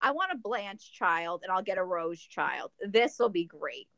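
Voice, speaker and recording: A woman co-hosting a podcast in casual chat, joking and rambling through plans in an animated way. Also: on the low side, a little slow, no room sound. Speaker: podcast co-host.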